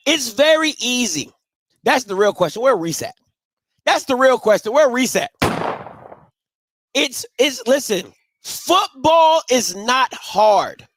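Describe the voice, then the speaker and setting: A man with a high voice hosts a live sports show from home. He trash-talks and teases, repeats his points, and stretches words out for emphasis. The sound is dry and close, with no room echo. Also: sing-song, a bit bright. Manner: playful trash-talking, repeats himself, drawn-out emphasis. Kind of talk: casual live postgame commentary. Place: home, green screen behind him.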